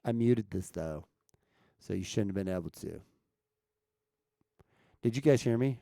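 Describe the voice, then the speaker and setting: A man's voice: lowish voice, lively intonation, a little slow, creaky, warm tone, dry recording, clean studio sound. A man chatting casually with viewers on a live stream, checking his mic and asking the chat questions as he talks. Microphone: streaming mic at home setup.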